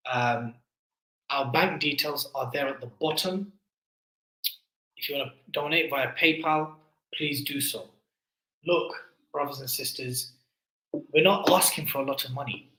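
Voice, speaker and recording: A man's voice: medium pitch, unhurried, pauses often, sharp tone, reverberant, poor audio. A man hosting a charity fundraising livestream, pleading with viewers in an impassioned, preacher-like way. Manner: impassioned preaching appeal, building in force.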